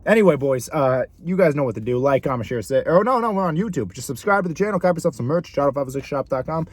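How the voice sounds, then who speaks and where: A young man with a husky, slightly raised voice, ranting to camera in a swearing, mocking way. His pitch swings widely as he fires off rhetorical questions. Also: expressive, quick pace, no room sound. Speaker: vlogger. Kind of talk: profane comedic rant to camera.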